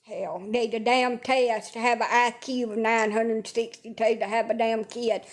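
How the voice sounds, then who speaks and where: A woman's voice: fairly high pitch, fairly even intonation, unhurried. A woman, talking casually from bed, blunt, sarcastic and swearing freely. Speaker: social media livestreamer. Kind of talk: casual rambling livestream talk. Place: in bed at home.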